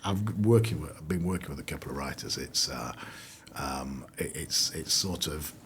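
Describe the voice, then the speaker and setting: Low-voiced rambling middle-aged man. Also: normal speed, a bit bright, a little hiss or hum. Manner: chatty, rambling, many fillers and restarts. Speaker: founder of a clothing brand; guest. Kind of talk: casual interview chat.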